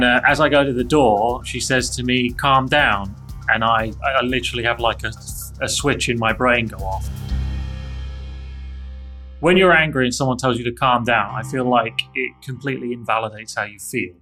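A man's voice: medium pitch, moderate pace, bright, forceful tone, soft background music. A man telling a candid, self-critical personal story in an interview, with frequent restarts.

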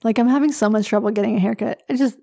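A woman's voice: fairly high pitch, rapid-fire, gravelly, dark tone. A woman co-hosting a podcast in casual chat, wry and blunt, talking very close to her mic in a room other than her usual one. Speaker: podcast co-host.

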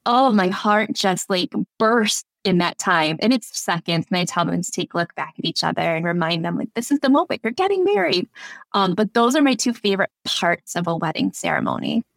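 Woman guest, lowish voice, dry close sound, chatty officiant telling stories. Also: a little fast, vocal fry, hardly any pauses, dry recording. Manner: warm storyteller, laughs often. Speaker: wedding officiant, podcast guest. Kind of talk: casual interview chat.

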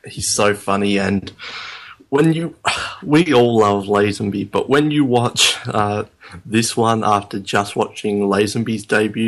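Low gravelly guy on a podcast, pretty flat delivery, lots of ums. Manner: hesitant, lots of ums, enthusiastic. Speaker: podcast co-host. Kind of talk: casual chat.

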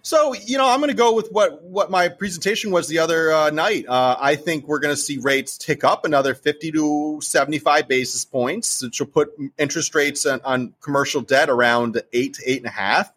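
A man's voice: a little high, fairly quick, few pauses, a bit bright, husky. A man with a New Jersey accent, speaking as a guest in a casual interview and talking animatedly and emphatically about investing. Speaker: real estate investor guest.

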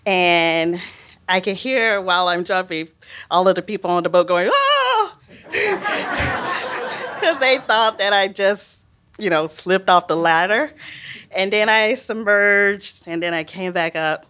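A woman biologist telling a personal story on stage in a lively, laughing way. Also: mid-range voice, slow pace. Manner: lively, laughing, animated retelling. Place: stage before a live audience.

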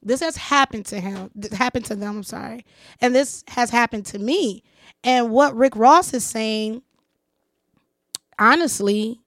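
Woman, high voice, dry close sound, podcast host, casual animated storytelling. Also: no room sound. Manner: animated storytelling, acts out quoted lines. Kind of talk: casual chat.

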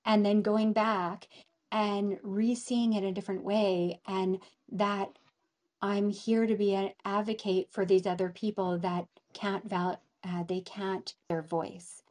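Woman, middle aged, halting speech, lots of restarts, casual chat. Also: medium pitch, little pitch movement, a little mellow. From northern Canada. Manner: halting, restarts often, searches for words. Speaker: interview guest. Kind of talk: casual conversation.

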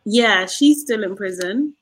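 A woman's voice: medium pitch, animated, measured pace, slightly rough, dry recording. A woman co-hosting a podcast in casual chat, making dry, brief remarks. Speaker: podcast co-host.

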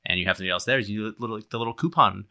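A man's voice: lowish voice, very fast, pushed and bright. A man co-hosting a podcast, chatting casually with rambling, joking sentences. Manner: rambling, full of fillers and restarts, joking. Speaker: podcast co-host. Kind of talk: casual chat.

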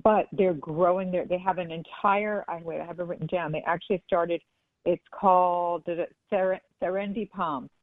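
A woman's voice: fairly low pitch, fairly even intonation, normal speed, no echo. A woman guest talking casually and earnestly in an interview, often restarting her sentences. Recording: tinny phone line.

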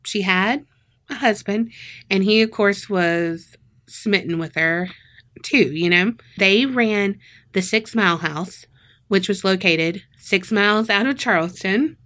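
A woman with a Southern American accent co-hosts a podcast, telling a crime story in casual chat. She speaks slowly in a mid-range, fairly bright voice, laughs often, and slips into voices to act out what people said.

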